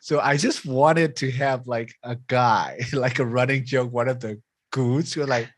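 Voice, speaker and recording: A young man co-hosting a casual podcast chat, animated, laughing often and filling pauses with "like" and "you know". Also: mid-range voice, breathy edge, no room sound. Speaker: podcast co-host.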